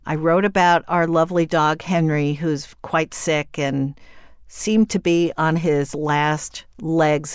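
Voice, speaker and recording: A woman hosting a podcast interview, chatty and quick with asides, laughing easily. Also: low voice, clean tone, no room sound, studio quality. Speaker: podcast host. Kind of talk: conversational interview.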